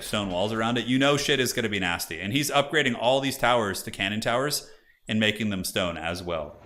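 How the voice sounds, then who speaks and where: A man casually commentating a strategy game on his live stream, rambling and animated with lots of "like" fillers. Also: lowish voice, a little hiss or hum.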